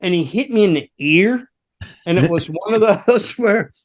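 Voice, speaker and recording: A man's voice: sits high, normal speed. A man telling road stories in a casual podcast chat, swearing freely and acting out the voices of the people he quotes. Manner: profane, animated storyteller who acts out quotes. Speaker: guest, former roadie.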